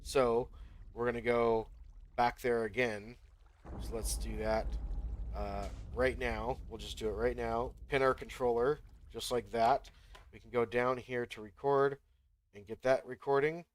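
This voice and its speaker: A man's voice: medium pitch, steady tone, measured pace. A man hosting a gaming channel, talking the viewer through each step as he plays in casual commentary.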